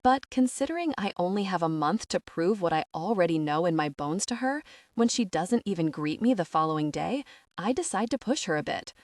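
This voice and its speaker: A woman narrating a first-person romance audiobook in an expressive reading, recorded close on a studio mic. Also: fairly low pitch, fairly quick, dry recording.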